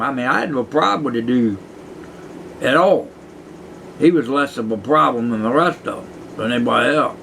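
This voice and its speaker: Gravelly profane man in his sixties. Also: mid-range voice, a bit bright, slight background noise, poor audio. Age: 60s. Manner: profane, meandering, chuckling. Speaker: retired prison guard telling stories. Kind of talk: rambling casual storytelling to camera.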